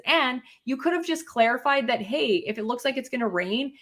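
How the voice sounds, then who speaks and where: Young adult woman, casual co-host, slightly high, animated storyteller. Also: a little fast, hardly any pauses. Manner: animated storytelling, acts out quarrels with a rising voice. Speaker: podcast co-host. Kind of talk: casual chat.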